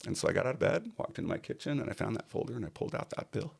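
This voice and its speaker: A man's voice: medium pitch, very animated, rapid-fire, vocal fry, slightly rough. A middle-aged man, a podcast guest, telling a personal story in earnest and acting out other people's lines.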